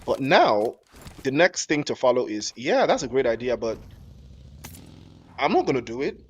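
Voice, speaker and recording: A man's voice: medium pitch, very animated, normal speed, breathy edge. Jokey slangy male esports caster. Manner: jokey, rambling, slangy, laughs often. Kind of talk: live esports commentary mixed with chat banter.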